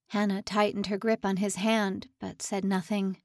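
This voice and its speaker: A woman's voice: mid-range voice, level tone, normal speed, darkish tone, no room sound, studio quality. A woman narrating a suspense novel audiobook in a dramatic, tension-building read. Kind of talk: scripted narration.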